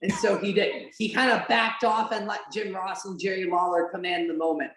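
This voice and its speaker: A woman's voice: medium pitch, normal speed, a little hiss or hum. Chatty woman podcast host, roomy sound. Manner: chatty, animated, many "like" fillers, swears. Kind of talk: casual watch-along chat. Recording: roomy echo.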